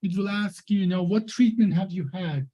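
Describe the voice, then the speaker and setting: Mellow-voiced presenter with a non-native accent. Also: male voice, sits high, slightly rough, low-quality recording. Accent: non-native English accent. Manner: halting, many fillers and restarts. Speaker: presenter demonstrating software. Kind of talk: live demo and explanation.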